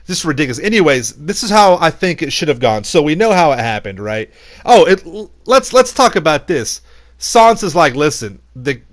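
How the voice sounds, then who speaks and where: Exasperated young man ranting casually. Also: fairly high pitch. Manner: animated, exasperated, slangy, full of restarts. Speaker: YouTuber ranting about a TV finale. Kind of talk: casual opinion rant.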